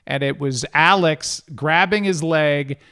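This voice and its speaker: A middle-aged man, a guest broadcaster, telling a story in casual chat with a lively, self-deprecating manner. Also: a little high, slow, clean tone.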